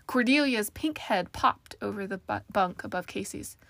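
A woman reads a fantasy audiobook in a steady, even storytelling manner. Her voice sits mid-range with a pronounced gravelly fry, and the sound is close and dry with no room around it. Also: mid-range voice, moderate pace, few pauses, no echo. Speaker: narrator. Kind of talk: audiobook narration.

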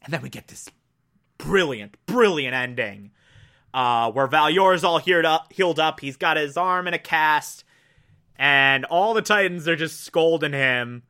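A man casually reviewing a cartoon episode, animated and emphatic, with mocking asides. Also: on the high side, a little slow, clean tone.

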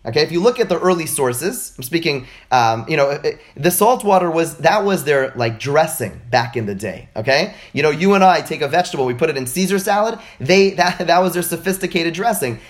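Animated man teaching on a call. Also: fairly high pitch. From United States. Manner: animated, asks and answers rhetorical questions. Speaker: teacher of religious texts. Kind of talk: informal lecture on a call. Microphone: video call.

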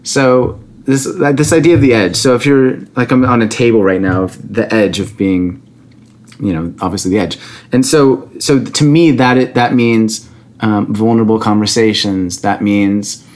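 A man hosting a podcast, talking in a relaxed, reflective, slightly rambling way. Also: on the low side, normal speed. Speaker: podcast host. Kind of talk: casual podcast conversation.

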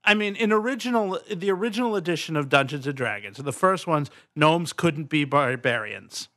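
A man's voice: on the high side, animated, normal speed, a bit bright. A man hosting a casual podcast chat and running the game, rambling and easygoing with frequent chuckles.

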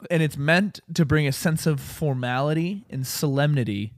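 A man's voice: fairly high pitch, moderate pace, no echo, clean studio sound. A man co-hosting a casual comedy podcast, explaining a topic with jokes and lots of filler words. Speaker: podcast co-host presenting a topic.

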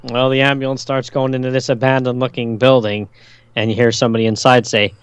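A man co-hosting a podcast, backing up his partner with quick "yeah"s and taking his own turns retelling a comic. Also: medium pitch, flat delivery, smooth. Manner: quick affirmations and laughter. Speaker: podcast co-host. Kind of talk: casual comic recap chat.

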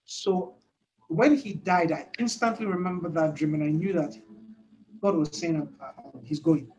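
Emphatic high-voiced male preacher. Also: normal speed, low-quality recording. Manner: emphatic, repetitive, laughs between points. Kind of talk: sermon.

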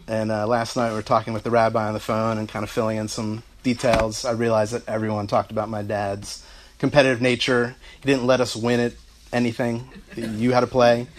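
Brief: middle-aged man, mid-pitched voice, tribute speech, storytelling with light laughter, faint background noise. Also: level tone, a little fast. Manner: storytelling, warm asides, laughing through anecdotes. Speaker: son giving a speech. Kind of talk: heartfelt family tribute speech.

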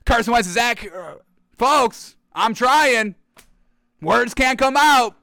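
A sports show host with a very high, expressive, bright voice rants brashly and mockingly about football teams and players, calling his viewers "folks." He speaks slowly and forcefully in an animated opinion rant, recorded dry.

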